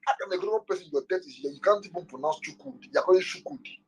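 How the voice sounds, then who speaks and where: A Nigerian man with a fairly high, gravelly, husky voice that swings all over his range. He hosts a casual live chat, joking and slipping into pidgin. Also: racing, poor audio. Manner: lively, joking, switching into pidgin. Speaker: host.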